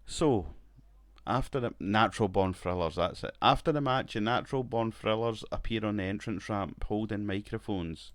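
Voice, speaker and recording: A man's voice: on the low side, moderate pace, no room sound, studio quality. A man casually commenting on his wrestling management game, rambling, swearing and laughing now and then. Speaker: gaming video creator.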